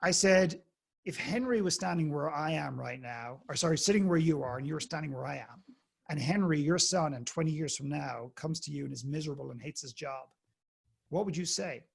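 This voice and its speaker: An Irish man, a guest speaker on a podcast, telling anecdotes in a lively way and acting out the people in them. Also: on the high side, a little fast, vocal fry, breathy edge. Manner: animated anecdote-telling, acts out the people in his story. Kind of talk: storytelling in a conversational interview.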